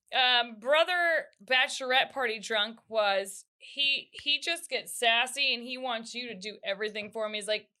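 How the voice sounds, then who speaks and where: A woman in her thirties co-hosting a casual podcast, telling a family story with animated voices. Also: a little high, clear, resonant tone. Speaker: podcast co-host. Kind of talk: casual chat.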